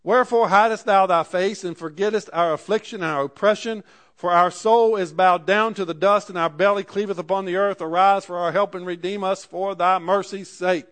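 A man's voice: sits high, steady tone, normal speed, a bit bright. A man preaching a sermon, reading scripture aloud and explaining it in everyday words. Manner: reads scripture aloud and paraphrases it in plain speech.

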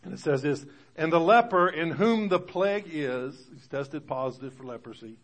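A man's voice: a little high, normal speed, slightly rough. Man preaching a casual sermon. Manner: conversational preaching, rising loud when reading scripture. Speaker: pastor.

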